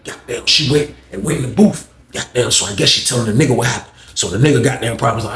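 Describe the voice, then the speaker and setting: A man's voice: mid-range voice, rapid-fire, few pauses, fairly bright tone. A man telling a story to his viewers in a casual, slangy and profane way. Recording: roomy echo.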